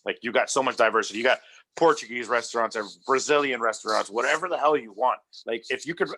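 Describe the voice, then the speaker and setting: A man's voice: medium pitch, fast, bright, forceful tone. A man from New Jersey, a podcast guest chatting casually and rambling, often repeating himself and swearing offhand. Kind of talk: casual chat.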